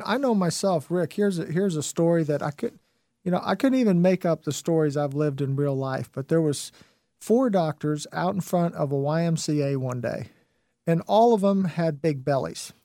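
A man's voice: fairly high pitch, mellow, no echo, studio quality. A man hosting a radio talk show, telling stories and urging listeners on in an earnest, motivational way with many fillers.

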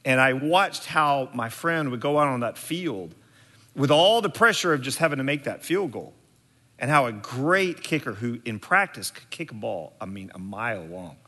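A man delivers a sermon at an unhurried, deliberate pace, pausing often and filling gaps with small hesitations. His voice sits a little high and sounds bright and forward. The recording has the long reverb of a large hall. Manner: slow, deliberate storytelling with frequent fillers. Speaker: preacher.

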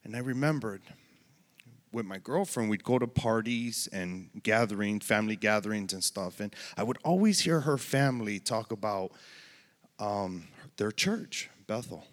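A man giving an earnest, emotional personal testimony in church, halting at times. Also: fairly low pitch, expressive. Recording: long hall reverb.

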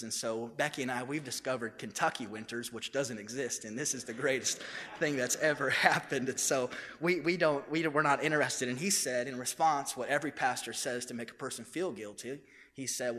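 A man in his thirties, a pastor, preaching a sermon with energetic, self-deprecating storytelling. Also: medium pitch, fairly quick. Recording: echoey hall.

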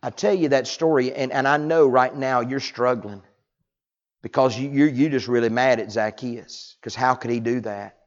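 A man preaching a sermon in a folksy way, dropping to hushed tones and rising to loud cries. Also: mid-range voice, normal speed, muffled recording. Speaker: pastor.

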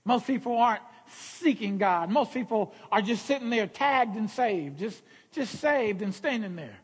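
A man's voice: high voice, animated, a little slow, husky, long reverb tail. A man preaching a sermon as pastor, talking conversationally and checking in with "okay?" as he repeats key points.

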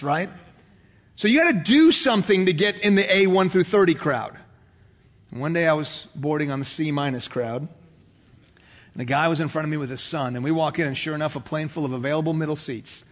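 A pastor preaching a sermon, telling a story and acting out the voices of people in it, with conversational asides to the congregation. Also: male voice, a little high. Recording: long hall reverb.

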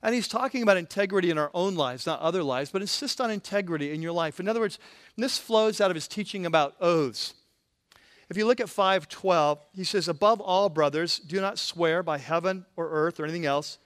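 Male pastor, slightly high voice, conversational sermon delivery with restarts. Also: fairly quick, a bit bright. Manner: conversational preaching, frequent restarts.

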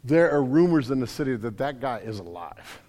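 A man's voice: mid-range voice, big pitch swings, normal speed, dark tone. Man preaching in an echoing hall. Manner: vivid storytelling, addressing listeners directly as "you". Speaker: pastor. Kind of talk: sermon.

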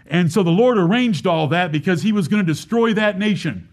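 Emphatic preacher man, fairly high voice. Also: animated, a little fast. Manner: emphatic preaching with repetition and rhetorical questions. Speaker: pastor. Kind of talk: sermon.

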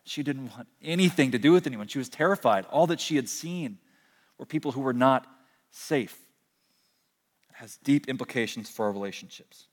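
A young man preaching a sermon from a stage, telling stories in a conversational way with slow, emphatic pauses. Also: mid-range voice, lively intonation, long reverb tail. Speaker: pastor. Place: large hall, speaking from a stage.

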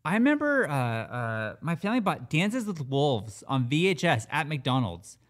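A man's voice: on the high side, sing-song, normal speed, a bit bright. A man co-hosting a casual movie-review podcast, blunt and swearing freely. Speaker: podcast co-host.

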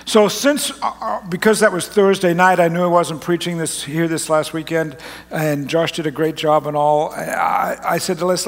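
A man's voice: fairly high pitch, fairly even intonation, moderate pace, gravelly. A man preaching to his congregation, telling a rambling personal story in a folksy, joking way with frequent restarts. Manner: folksy, rambling, self-interrupting. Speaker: pastor. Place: large church auditorium. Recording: long reverb of a large hall.

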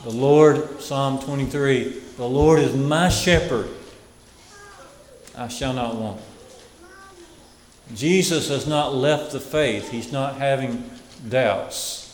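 A man preaching a sermon who repeats key phrases and lets them fall to a hush. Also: medium pitch, slow pace, long pauses, echoey room, big-room sound, a little hiss or hum, poor audio.

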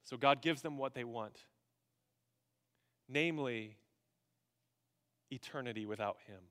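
A man preaching a sermon as pastor, animated and dramatic, swinging from loud bursts to hushed emphasis. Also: medium pitch, measured pace, long reverb tail.

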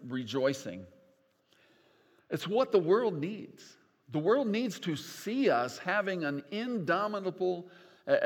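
An older man delivers a sermon from a church stage, his slightly high voice swinging widely in pitch. He takes his time and speaks in a folksy, animated way with light humor. The sound carries a long reverb from the sanctuary. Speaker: pastor.

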